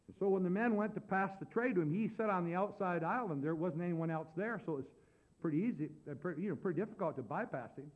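High-voiced folksy male preacher. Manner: folksy and animated, building to loud preaching. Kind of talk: storytelling sermon. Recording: dull lo-fi recording.

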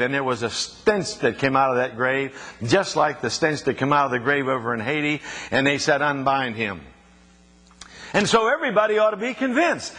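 A man's voice: a little high, pushed and bright. A man preaching a sermon, mixing folksy stories with emphatic scripture reading. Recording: reverberant hall.

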